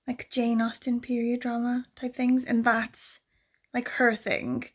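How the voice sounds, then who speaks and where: Woman book vlogger, high-ish gravelly voice, rambling casual chat at home. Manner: chatty, rambling, full of "like" and "blah, blah, blah". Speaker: book vlogger, readathon co-host.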